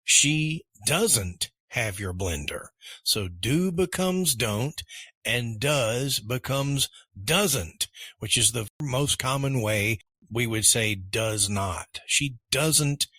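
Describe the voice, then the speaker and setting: Measured male podcast teacher, bright tone. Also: mid-range voice, no room sound. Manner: calm, measured grammar explanations. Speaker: podcast co-host and English teacher. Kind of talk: language lesson podcast.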